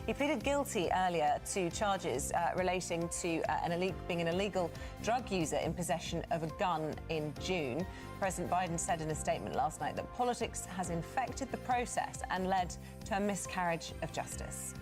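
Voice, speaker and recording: A woman presenting the morning news headlines in a measured newsreader delivery. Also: fairly low pitch, lively intonation, over music. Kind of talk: news reading and studio banter.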